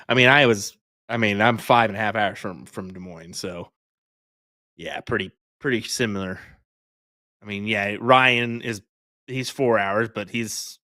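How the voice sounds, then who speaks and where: A man co-commentating a darts match, laid-back and quick to laugh. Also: lowish voice, bright, forceful tone, no echo, studio quality. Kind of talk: live sports commentary.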